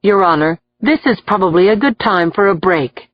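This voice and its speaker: A woman's voice: mid-range voice, no room sound, natural voice. A composed male defense lawyer, speaking evenly and matter-of-factly, as a woman narrator reads him. The audiobook sound is dry and a bit dull. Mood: calm. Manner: calm, measured.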